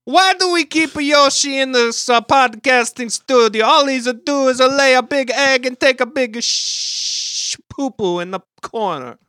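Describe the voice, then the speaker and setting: A woman's voice: high-pitched, a little slow, hardly any pauses, fairly bright tone, no echo, studio quality. A woman voicing a jealous adult male sidekick brother with a hammy put-on Italian accent, whiny and indignant. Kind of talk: improvised podcast parody.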